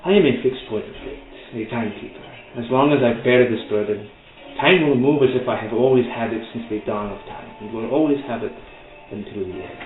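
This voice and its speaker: A man as game master voicing a frail ancient woman, a weary and sorrowful timekeeper, slow, solemn and mournful. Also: mid-range voice, close to an everyday voice. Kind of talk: voicing a character in a tabletop game. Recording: echoey, tinny online call with music.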